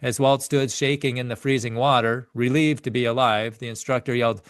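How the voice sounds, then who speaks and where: A man's voice: medium pitch, fairly even intonation, brisk, hardly any pauses, clear, resonant tone, no room sound, studio quality. A man reading a biography chapter aloud in an earnest way, often stumbling and correcting himself mid-sentence. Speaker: narrator reading a book chapter.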